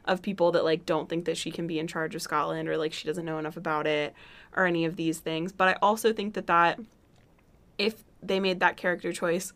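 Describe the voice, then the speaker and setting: A woman's voice: lowish voice, steady tone, a little fast, a bit bright. Joking, opinionated woman podcast co-host. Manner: opinionated, joking, talkative with many fillers. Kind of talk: casual chat.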